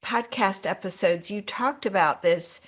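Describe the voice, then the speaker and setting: A woman podcast host asking thoughtful interview questions in a measured way. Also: mid-range voice, fairly bright tone. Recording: dull lo-fi sound.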